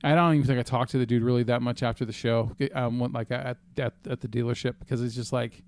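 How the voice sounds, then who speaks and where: Casual male podcast co-host, mid-pitch, swears freely, rambles, dry sound. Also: steady tone, fast, darkish tone, no echo. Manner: profane storytelling, many fillers. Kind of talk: casual chat.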